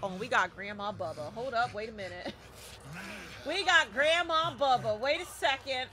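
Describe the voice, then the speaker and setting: A woman chatting casually and excitedly on a live gaming stream, talking back to the game and thanking viewers. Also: on the high side, moderate pace, slight background noise.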